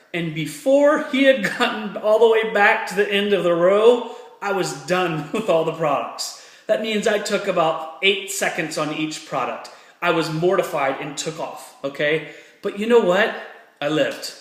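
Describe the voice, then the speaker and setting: Fired-up man with a high voice. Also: a little slow, a bit bright, roomy sound. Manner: earnest, fired-up, repeats phrases for emphasis. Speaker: motivational speaker. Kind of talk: personal story and motivational talk to camera.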